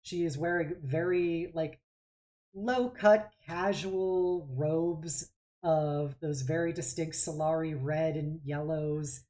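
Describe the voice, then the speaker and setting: A woman with a low, mellow voice runs a tabletop role-play as game master. She describes scenes slowly and haltingly, padding her speech with fillers as she works out each detail. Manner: rambling, hesitant description full of fillers.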